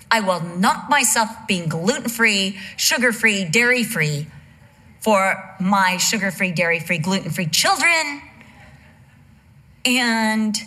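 A woman's voice: mid-range voice, bright, forceful tone. A middle-aged woman giving a conversational teaching message, candid and humorous, full of asides. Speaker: women's Bible teacher.

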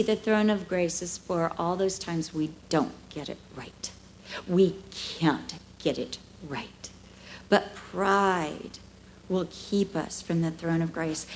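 Woman preaching, expressive and emphatic. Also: mid-range voice, a little hiss or hum. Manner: expressive, acts out dialogue, drops to hushed asides. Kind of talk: sermon.

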